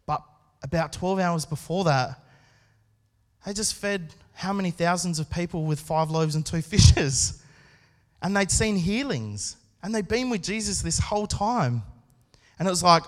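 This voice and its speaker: A man preaching a sermon at a church service, speaking in an earnest, conversational way with pauses and restarts. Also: fairly high pitch, animated. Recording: long hall reverb.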